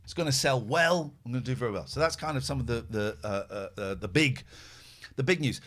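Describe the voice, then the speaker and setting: A male podcast host tells rambling anecdotes in casual conversation, his voice medium-pitched and fairly quick. He's animated, voicing both sides of quoted exchanges, and often restarts or corrects himself mid-sentence.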